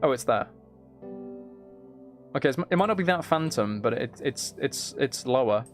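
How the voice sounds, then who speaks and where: A man's voice: medium pitch, animated, normal speed, long pauses, faint music behind. A man chatting casually with his live-stream audience while he plays a game, rambling, joking and teasing viewers.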